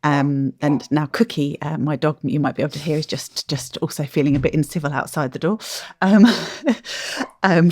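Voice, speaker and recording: A woman co-hosting a podcast, chatting casually and hesitantly, with many fillers and pauses. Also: low-pitched, darkish tone, no echo, clean studio sound. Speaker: podcast co-host. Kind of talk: casual interview chat.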